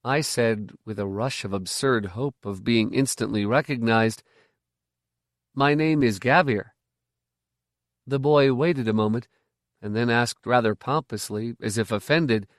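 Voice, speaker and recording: A man narrating a first-person novel in a measured, reflective way. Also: mid-range voice, no room sound, clean studio sound. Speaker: audiobook narrator.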